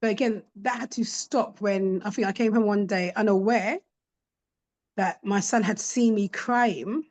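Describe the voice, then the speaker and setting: A middle-aged woman, a podcast guest, telling candid personal stories in an animated way and acting out what her children said. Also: medium pitch, a little slow. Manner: animated, acts out quoted voices of her children. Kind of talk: candid conversational storytelling.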